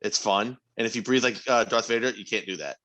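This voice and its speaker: A young man co-hosting a podcast, joking around and swearing in animated casual banter. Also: on the low side, a little fast. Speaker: podcast co-host.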